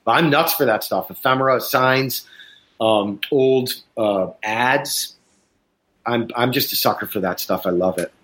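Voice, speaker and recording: With a mid-range voice and a measured pace, a male host in Chicago, USA, tells anecdotes in casual conversation, animatedly acting out the other people's voices.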